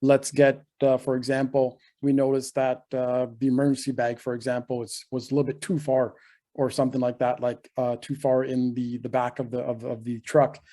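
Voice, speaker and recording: A man hosting a podcast, asking measured follow-up questions with some fillers. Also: mid-range voice, level tone, mellow. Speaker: podcast host. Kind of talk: casual podcast interview.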